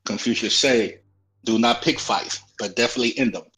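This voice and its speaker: A man's voice: medium pitch, a little fast, a bit bright, faint music behind, natural voice. A man playing a proud, vengeful karate master in a tabletop game, speaking in clipped broken English. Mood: defiant.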